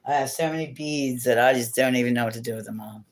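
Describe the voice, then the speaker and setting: A woman's voice: rumbling low, fast. A woman hosting a casual livestream from home on her phone, rambling and chatty, laughing often and swearing now and then. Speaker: livestream host.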